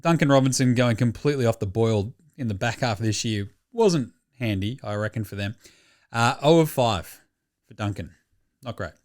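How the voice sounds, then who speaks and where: A man's voice: mid-range voice, normal speed. A man with an Australian accent hosting a sports podcast, joking and swearing in casual chat. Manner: profane, animated and joking. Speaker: podcast host.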